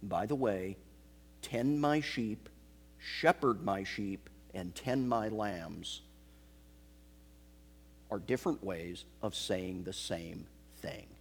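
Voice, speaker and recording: A man preaching an expository sermon, slow and emphatic, repeating key phrases. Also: fairly low pitch. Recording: long hall reverb.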